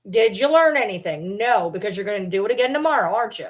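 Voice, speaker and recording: Blunt, animated woman vlogger. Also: medium pitch, quick pace, few pauses. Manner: blunt, profane, animated storytelling. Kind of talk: casual chat.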